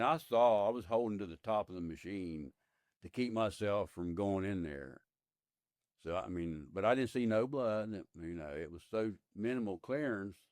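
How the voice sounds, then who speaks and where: A man's voice: low-pitched, dry recording, studio quality. A man in his fifties, a podcast guest, telling his story in a plain-spoken, rambling way with many fillers. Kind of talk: casual interview storytelling.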